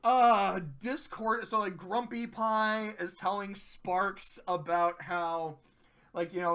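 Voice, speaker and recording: Rambling commentator, bright tone, casual recap, swears a lot, laughs often. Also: mid-range voice, flat delivery, measured pace.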